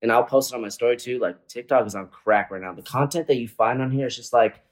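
A man's voice: mid-range voice, fast, low-quality recording. Chill guy in his 20s, casual slangy talk, lots of "like" and "man". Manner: relaxed, slangy, lots of fillers. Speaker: guest, comedian and dancer. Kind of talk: casual chat.

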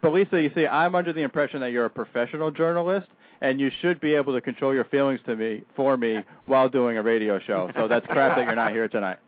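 A man's voice: medium pitch, fast, slight background noise. Joking male radio co-host, mid voice, thin phone-line audio. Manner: joking, wisecracking. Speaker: chat room moderator and co-host. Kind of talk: casual chat.

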